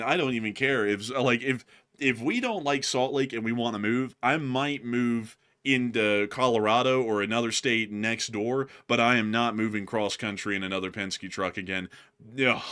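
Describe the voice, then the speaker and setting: A man's voice: medium pitch, normal speed, fairly bright tone, clear, resonant tone. A man hosting a live stream in casual, rambling chat, calling the audience "folks" and piling up fillers. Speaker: livestream host.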